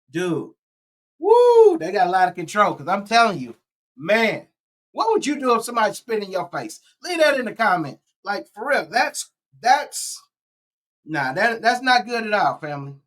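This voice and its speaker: A man's voice: high voice, fairly bright tone. A man hosting a casual reaction video, talking to his viewers as family and repeating his exclamations. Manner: chatty, addresses viewers as family. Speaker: YouTube reaction host.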